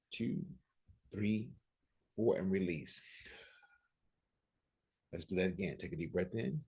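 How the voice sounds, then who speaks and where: A man with a very low, deep voice speaks as a spiritual teacher over a video call. His tone is husky, and he leads prayers and breathing exercises with calm, unhurried, gently instructive delivery.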